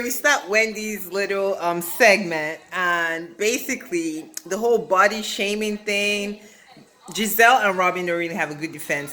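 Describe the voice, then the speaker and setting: A woman with a bright, forward voice talks through reality TV drama in a loose, gossipy vlog. She keeps things chatty and full of quick asides, and her pitch stays in a middle range for a woman. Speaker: reality TV commentator. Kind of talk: casual recap vlog.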